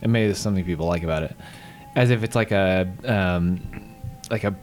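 A man's voice: low-pitched, fairly quick, darkish tone, soft background music. A man co-hosting a casual talk show, playful and teasing, laughing easily as he talks. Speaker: podcast co-host. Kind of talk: casual chat.

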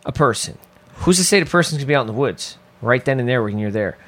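A man's voice: medium pitch, lively intonation, quick pace, fairly bright tone. A man co-hosting a casual movie-recap podcast, skeptical and wry, swearing casually. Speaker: podcast co-host.

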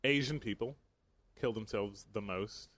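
A man's voice: fairly low pitch, unhurried, a bit bright. A man co-hosting a podcast in casual chat, careful and fond of citing figures. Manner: careful, cites figures, fact-checking. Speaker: podcast co-host.

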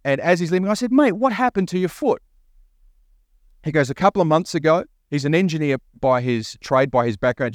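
A man's voice: fairly high pitch, no echo, clean studio sound. A man preaching a sermon as pastor, telling a story and acting out both sides of a conversation.

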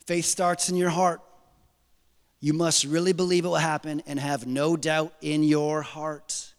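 A pastor in his forties with a high voice delivers a lively sermon, acting out prayers in different voices and slipping in joking asides. His voice rings with the long reverb of a large hall. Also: measured pace, clean tone.

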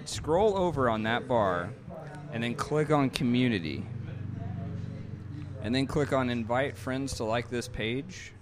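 A man's voice: mid-range voice, animated, unhurried, long pauses. A man in a pub patiently walking people through step-by-step instructions. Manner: patient, methodical. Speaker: guest giving instructions. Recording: busy bar crowd behind.

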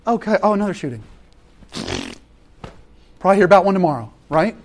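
Animated high-voiced male preacher. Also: fairly quick. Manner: animated, acts out quoted voices, laughs often. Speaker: pastor. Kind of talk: sermon.

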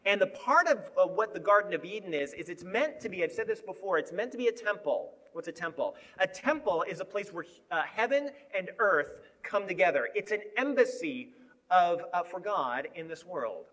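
A high-voiced man delivers a sermon with a lively, swooping pitch. He moves from emphatic bursts to hushed, low asides as he talks to the congregation. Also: normal speed. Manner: animated, shifting between emphatic and hushed. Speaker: preacher.

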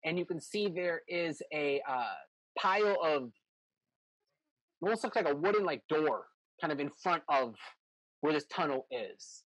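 A man's voice: on the high side, animated, a little slow, fairly bright tone, no echo, rough recording. A man running a tabletop game as game master, describing scenes in a rambling, self-correcting way.

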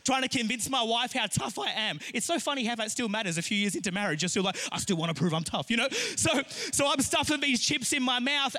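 High, bright-voiced male preacher. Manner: animated storytelling, rising to shouts. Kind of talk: sermon with a personal story.

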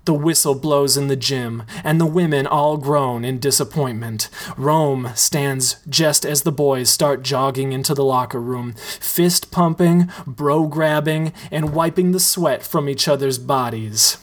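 A man reads a comedic story aloud in a slow, deadpan manner. His voice sits at a middling pitch, and his delivery is unhurried. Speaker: story reader.

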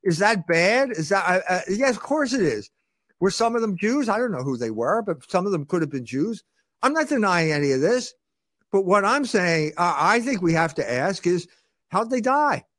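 Here a man being interviewed argues his position at a normal speed, his voice sitting high with big pitch swings and a fairly bright, echo-free tone. Rhetorical questions pepper his talk, and he frequently restarts by repeating his opening words.

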